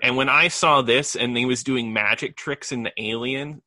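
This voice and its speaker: A man co-hosting a podcast, reacting to a film in an enthusiastic, animated way during casual chat. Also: medium pitch, moderate pace, no echo. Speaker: podcast co-host. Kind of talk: casual movie review chat.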